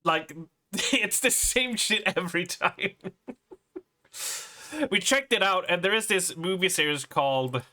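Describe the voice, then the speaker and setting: A man's voice: sits high, expressive, slow, sharp tone. A young adult Swedish man with a Swedish accent, casually chatting and laughing as he reacts on a live game stream, often stumbling over words. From Sweden.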